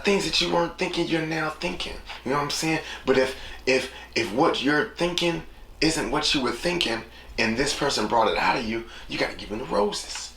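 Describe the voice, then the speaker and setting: A man's voice: fairly high pitch, animated, moderate pace, gravelly, bright, forceful tone. A man hosting a casual solo podcast, talking loosely and slipping into voices when he quotes people. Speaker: podcast host. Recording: echoey room with noticeable background noise.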